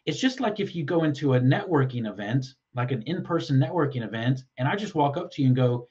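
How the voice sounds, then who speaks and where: A man's voice: mid-range voice, animated, fast talker, few pauses, darkish tone. A man with a Texan accent, a guest in a casual interview, who talks animatedly and acts out the messages he quotes. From Texas. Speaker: podcast guest, LinkedIn lead generation expert. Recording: slightly dull lo-fi audio.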